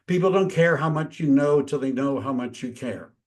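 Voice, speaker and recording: A man's voice: medium pitch, normal speed. Conversational man coaching agents. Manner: conversational, acts out dialogues. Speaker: real estate trainer. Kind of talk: training talk.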